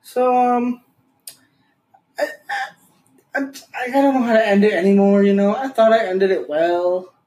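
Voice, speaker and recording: A man's voice: high voice, unhurried, long pauses, a little mellow, low-quality recording. A young man co-hosting a podcast, tired and giggly, rambling in casual chat. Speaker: podcast co-host.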